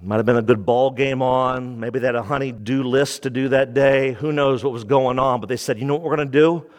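A man preaching a radio sermon, emphatic, dropping low for key points and rising when he quotes. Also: fairly even intonation, brisk, big-room sound. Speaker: pastor.

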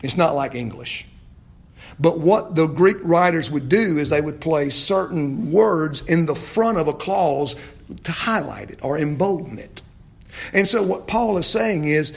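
A man preaching an expository sermon as pastor, asking the congregation questions, repeating phrases and rising to loud, emphatic peaks. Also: on the high side, unhurried, gravelly.

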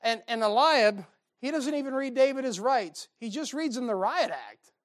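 A man's voice: very high voice, lively intonation, moderate pace. Male preacher, conversational sermon, sarcastic and wry, peppers it with rhetorical questions and scripture reading.

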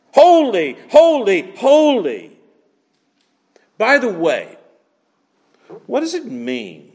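High-voiced preacher in a reverberant hall. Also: male voice. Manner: emphatic, swings between loud declaiming and quiet asides. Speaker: pastor. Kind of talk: sermon.

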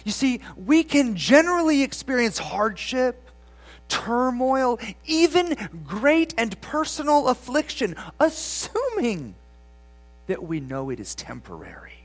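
A preacher delivers a sermon at an unhurried pace, drawing out the words. The voice rises and falls widely, swinging from loud, pleading passages to near whispers, and keeps turning to the congregation with rhetorical questions. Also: high voice, big pitch swings. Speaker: pastor.

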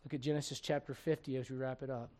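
A middle-aged man preaching a sermon to his congregation in a folksy, animated way, slipping into acted asides. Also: mid-range voice, quick pace. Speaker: pastor.

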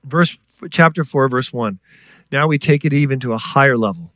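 A man's voice: mid-range voice, animated, normal speed, fairly bright tone, no room sound. A middle-aged man preaching a sermon in a conversational way, with asides and rhetorical questions to the congregation. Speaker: pastor.

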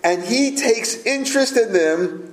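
Slow-preaching middle-aged male pastor. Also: very high-pitched, lively intonation. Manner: deliberate, earnest preaching with filler words. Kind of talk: sermon. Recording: echoey room.

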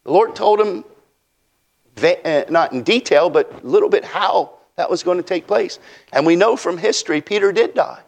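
A man's voice: high voice, normal speed, vocal fry. A man preaching a sermon in a folksy way, acting out quotes from his text. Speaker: pastor.

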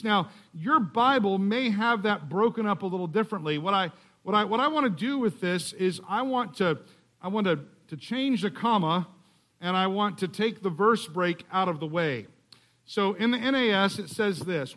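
A man's voice: high voice, lively intonation, measured pace, a bit bright. A man preaching as a guest speaker in a church, explaining a scripture passage in a conversational way with humorous asides. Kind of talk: sermon.

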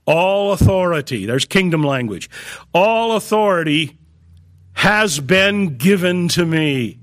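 A man preaching from the pulpit at a medium pitch. He talks in a measured, teaching way and leans on key phrases by slowing down and lifting his voice. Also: fairly bright tone. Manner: measured, emphatic on key phrases, slows for stress. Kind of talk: sermon.

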